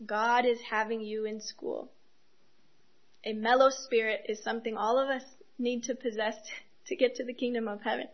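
A woman giving a sermon in an earnest, personal way, with soft laughs as she speaks. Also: on the high side, highs cut off. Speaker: speaker giving a devotional talk.

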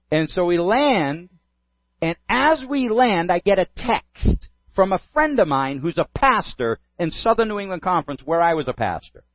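A man's voice: high-pitched, very animated, unhurried, no room sound, lo-fi sound. A man, a pastor, telling a story in a sermon and acting out both sides of a conversation.

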